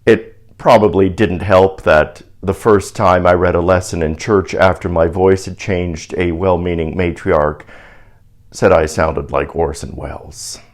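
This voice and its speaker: A man from Canada speaks in a very low, deep and polished baritone. He delivers a scripted reflection as a clergyman, measured, articulate and a little wry. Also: steady tone.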